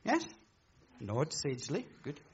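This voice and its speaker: A man's voice: a little high, wildly swooping pitch, slow, dull audio, slight background noise. A man preaching a sermon in church, chatty and jokey, teasing his congregation. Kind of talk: humorous sermon talk.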